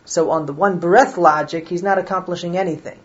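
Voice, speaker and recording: Low-voiced woman explaining Jewish law. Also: steady tone, a little fast, highs cut off. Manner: reasoning aloud, checks understanding with listeners.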